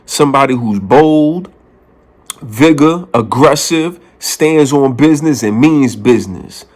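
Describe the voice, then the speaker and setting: A man's voice: mid-range voice, takes it slowly. A man from the Bronx, talking in a casual opinion vlog and hammering his points with repeated phrases. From New York, the Bronx. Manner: emphatic, repeats phrases for punch. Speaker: vlogger.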